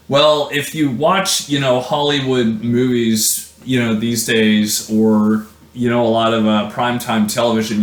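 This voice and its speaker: A man lecturing casually on poetry as a university teacher, halting with fillers and restarts. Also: medium pitch. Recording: echoey room.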